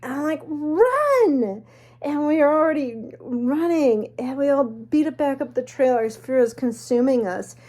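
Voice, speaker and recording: A woman telling a spooky personal story in a chatty, animated way with snarky asides. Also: high voice, moderate pace, hardly any pauses. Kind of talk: casual storytelling.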